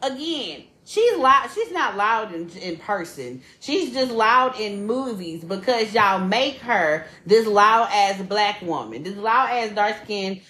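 A woman's voice: medium pitch, slow pace, few pauses. A young woman co-hosting a podcast, chatting casually with lots of swearing and laughter. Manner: animated, profane, laughs often. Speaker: podcast co-host. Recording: echoey room.

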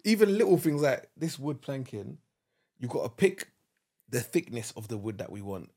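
A man's voice: medium pitch, big pitch swings, moderate pace, warm tone, breathy edge. A man co-hosting a casual couple's podcast, explaining his point through everyday household examples in an easygoing way. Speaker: podcast co-host.

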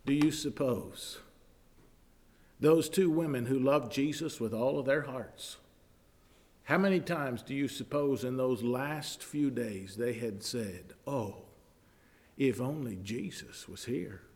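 A man preaching a sermon, reading scripture aloud and explaining it, often building to loud emphatic passages. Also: mid-range voice, takes it slowly. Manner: reads scripture aloud in King James wording, then explains it. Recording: long hall reverb.

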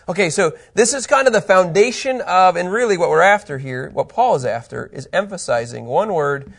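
A man teaching a Bible lesson to a group, animated and conversational, asking rhetorical questions as he reads through scripture. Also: sits high, fairly quick, creaky, hardly any pauses.

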